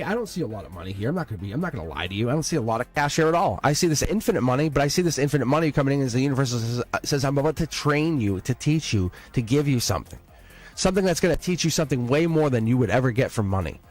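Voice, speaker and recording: A man giving a live-stream tarot reading, excitable and blunt, swearing and laughing as he talks to viewers. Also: medium pitch, very fast, faint music behind. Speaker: tarot reader.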